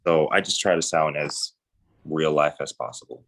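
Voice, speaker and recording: A very deep, gravelly male voice with a fairly bright tone and fairly even intonation speaks at normal speed. He's a real estate agent appearing as a guest, casually describing his phone calls and acting out both sides of each conversation.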